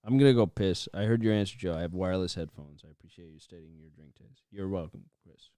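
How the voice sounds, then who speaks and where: A man's voice: low-pitched, fast talker, mellow, smooth, dry recording, studio quality. A man co-hosting a casual livestream, joking and bantering with viewers.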